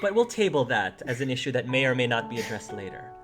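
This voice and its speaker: A man running a tabletop game as game master, explaining the setting in an animated way with laughing asides. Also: mid-range voice, fast talker, over music.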